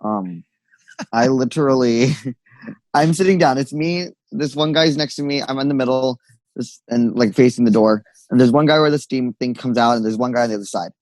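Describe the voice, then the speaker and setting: A young man chats on a podcast in an animated storytelling way. He acts out sassy retorts and swears casually. The sound is close and dry, with no room around it. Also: mid-range voice, normal speed, no echo, rough recording. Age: young adult. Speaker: podcast co-host. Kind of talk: casual chat.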